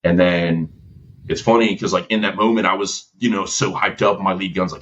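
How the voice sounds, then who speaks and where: Deep-voiced man telling war stories. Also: normal speed, highs cut off. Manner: slangy, lively, quoting others in his stories. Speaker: podcast guest, former gunship gunner. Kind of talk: casual storytelling interview.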